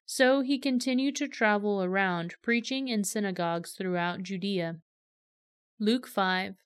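A woman reading scripture aloud in a steady, measured storytelling manner. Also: mid-range voice, clear, resonant tone, no room sound, clean studio sound. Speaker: scripture reader.

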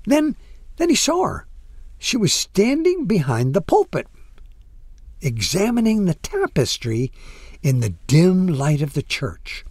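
A man tells a sentimental story slowly and expressively, with dramatic pauses. His voice is breathy and a little high for a man. The sound is dry and close. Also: huge pitch swings, a little mellow, no echo. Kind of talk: storytelling narration.

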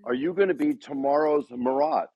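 A man's voice: on the high side, moderate pace, husky, dry recording, lo-fi sound. A man giving a motivational talk to a sales team, rousing the room with repeated rhetorical questions. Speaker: speaker addressing a dealership sales team.

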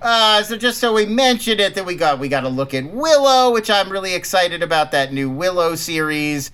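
A man talks casually as a podcast co-host, his voice a touch higher than most and bright. He gets animated, often restarting sentences mid-thought. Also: moderate pace, clean tone. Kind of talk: casual chat.

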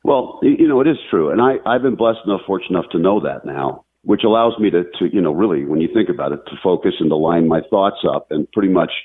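A man talking earnestly in a reflective podcast, halting and restarting as he talks about martial arts teaching. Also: sits low, expressive, breathy edge. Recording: tinny phone-like line, faint music.

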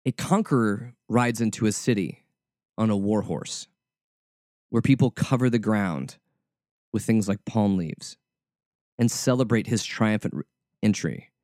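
A man's voice: lowish voice, lively intonation, unhurried, pauses often, darkish tone, no echo, clean studio sound. A male preacher giving a conversational sermon, informal and often repeating words as he searches for the next one.

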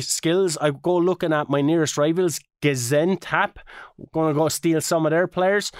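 A man's voice: on the high side, clean tone, no room sound, clean studio sound. A man co-hosting a podcast, telling a gaming story with lots of swearing and acted-out quotes. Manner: animated, swears a lot, acts out quotes. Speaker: podcast co-host. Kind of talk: casual gaming chat.

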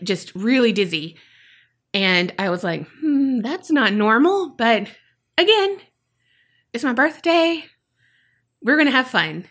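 On a podcast, a woman in her 30s co-hosts a casual storytelling chat, recounting something from her own life and reenacting things she once said. Her voice is fairly high and has a sharp edge.

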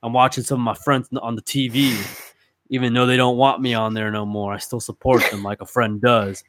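A man telling a rambling comedy story in a gruff, ungrammatical, slangy way. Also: mid-range voice, little pitch movement, fairly quick, a bit bright, no echo, clean studio sound.

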